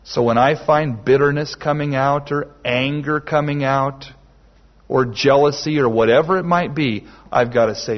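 A man preaching a sermon slowly and emphatically, with dramatic pauses. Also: mid-range voice. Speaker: pastor. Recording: dull lo-fi sermon recording.

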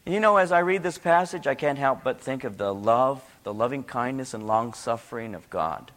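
A middle-aged pastor preaching a sermon, moving from hushed storytelling to impassioned, emphatic appeals. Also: male voice, medium pitch, lively intonation, moderate pace.

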